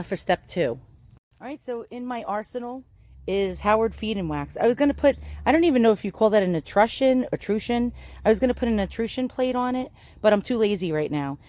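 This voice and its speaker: A woman's voice: medium pitch, darkish tone. Chatty woman narrating a furniture restoration. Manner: chatty, self-deprecating, many fillers. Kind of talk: casual how-to narration. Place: outdoors in sunlight.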